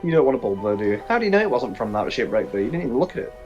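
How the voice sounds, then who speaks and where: Casual gameplay commentary, very lively pitch, faint music behind. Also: racing, dull audio. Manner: animated, swearing, joking asides. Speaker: let's play host.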